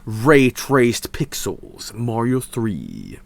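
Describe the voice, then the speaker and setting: A young Swedish man with a Swedish accent, chatting casually on a live stream, excitable and profane, swinging from mumbles to shouts. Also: mid-range voice, very slow, gravelly, no room sound. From Sweden.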